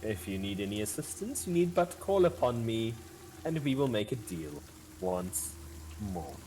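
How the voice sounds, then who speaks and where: A man's voice: on the low side, very animated, normal speed, warm tone, a little hiss or hum. A man voicing a smug fey creature who offers bargains in a grand, teasing manner. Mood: sly.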